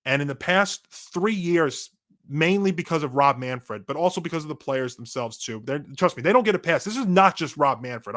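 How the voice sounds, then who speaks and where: A man co-hosting a sports podcast, ranting in a casual, animated way with frequent restarts, his voice going hoarse. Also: on the high side. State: losing his voice. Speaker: podcast co-host.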